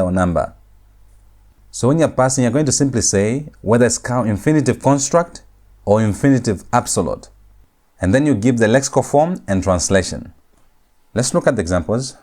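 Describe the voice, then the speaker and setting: Male teacher, mellow low voice, slow and patient, drills terms by repetition. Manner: slow, repetitive, spells out each word. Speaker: Hebrew grammar lecturer. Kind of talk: classroom lecture.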